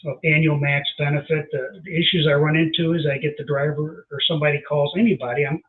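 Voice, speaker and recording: A plainspoken man called in as an insurance agent guest, explaining his points in a straightforward, practical way. His voice sits a bit higher than most men's. The audio is thin and phone-like, as if he is coming in over a call. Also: flat delivery, quick pace. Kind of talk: casual chat.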